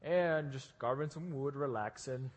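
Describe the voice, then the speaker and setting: A man voicing a laid-back male wood carver who talks in a slow, unbothered drawl, in an echoey hall. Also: mid-range voice, voice pushed down, close to an everyday voice. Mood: mellow.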